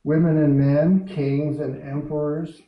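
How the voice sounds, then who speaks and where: A preacher reading a grave, solemn lion. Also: male voice, a little high, flat delivery, a little slow, close to an everyday voice. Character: vast solemn male lion, calm and unbending. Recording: roomy, dull sound from a distance.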